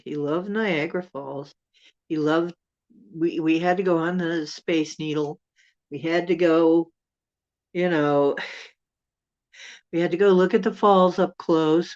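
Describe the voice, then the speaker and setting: A woman's voice: sits low, a little mellow, lo-fi sound. A woman hosting a casual live chat with viewers, rambling and chuckling as she teases them. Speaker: host.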